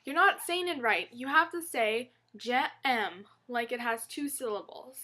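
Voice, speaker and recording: A woman's voice: a little high, unhurried, bright, forceful tone. A woman reading an unbothered cat-loving husband. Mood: matter-of-fact. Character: easygoing cat-doting husband, adult man.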